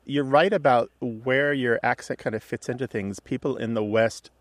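A man hosting a call-in radio show, explaining to a caller in a relaxed, chatty way with little asides. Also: mid-range voice, moderate pace, dry recording. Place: radio studio.

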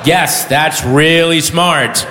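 Guy doing stand-up, bright high voice, jumps around a lot, yells punchlines, echoey hall. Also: very slow, over loud music. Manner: animated, bursts into high shouted punchlines. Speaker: stand-up comedian. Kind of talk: stand-up comedy routine.

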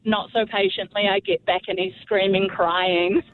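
A woman's voice: medium pitch, steady tone, moderate pace. A woman calling in to a radio show, telling a rambling story and laughing at her own bad luck. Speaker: caller. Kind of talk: phone-in story. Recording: tinny phone line.

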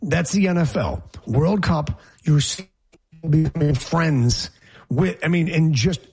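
A man's voice: on the high side, a little slow, darkish tone, husky, soft background music. A man hosting a sports talk show, talking casually in a brash, rambling, joking way.

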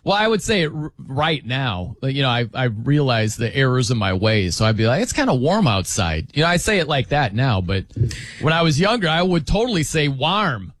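Radio host man on a studio mic, lively up-and-down voice, dry sound. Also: medium pitch, a little fast, no room sound. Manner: chatty, laughs often, mimics others' pronunciations. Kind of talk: casual radio talk.

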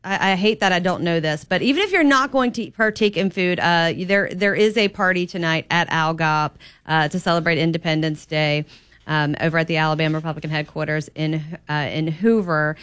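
A woman's voice: sits low, fairly quick, a bit bright, smooth. A woman filling in as a radio host, chatty and hesitant, with many fillers. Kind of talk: casual radio interview.

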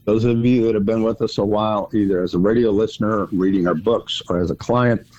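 A man's voice: lowish voice, steady tone, a little fast, darkish tone, highs cut off. A middle-aged man hosting a financial radio show, explaining at length and stressing points by repeating words. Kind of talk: casual explanatory talk.

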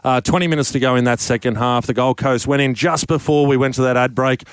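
Aussie radio sports host guy, smooth clear voice, dry studio sound. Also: medium pitch, fairly even intonation, quick pace, no room sound. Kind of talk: live sports radio hosting.

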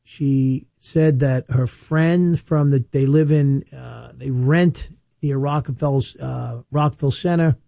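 A New man in his fifties talks through estate planning in a loose, anecdotal way, repeating himself and slowing down to drive a point home. His voice is very dark and mellow, at an ordinary pitch for a man. The recording is dry and close, with no room sound. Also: steady tone, vocal fry, dry recording. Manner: chatty, storytelling with quick asides and repetitions; emphatic, slows down to stress points. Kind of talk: casual advice monologue to camera.

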